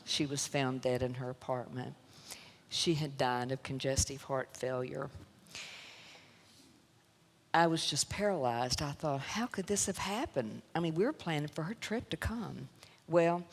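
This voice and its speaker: A woman's voice: rumbling low, unhurried. A woman with a Southern US accent giving an emotional personal testimony to a church audience, telling her story with laughter and sorrow. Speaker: guest speaker. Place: church sanctuary. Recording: long church hall reverb.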